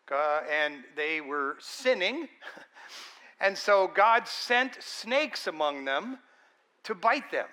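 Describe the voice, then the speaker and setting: A man's voice: on the high side, bright, forceful tone. A man preaching a sermon in an earnest, conversational and emphatic way.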